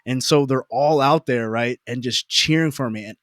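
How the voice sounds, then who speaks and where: A man telling a personal story in a casual conversation, animated and self-deprecating, with emphatic repetition. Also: mid-range voice, normal speed, dry recording, studio quality. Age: adult parent.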